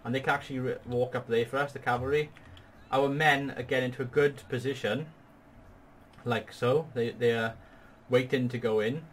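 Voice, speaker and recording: A man's voice: medium pitch, steady tone, moderate pace, a little hiss or hum. A man hosting a gaming video, patiently walking a partner through a strategy battle with upbeat, explanatory commentary. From Wales. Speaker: gaming channel host. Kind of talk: strategy game tutorial commentary.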